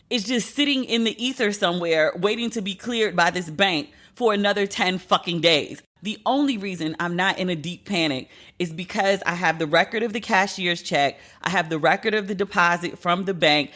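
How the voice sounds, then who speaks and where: A woman around forty hosting a solo podcast, talking in an animated, profane, venting way. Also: on the low side, fairly quick, few pauses. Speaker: podcast host.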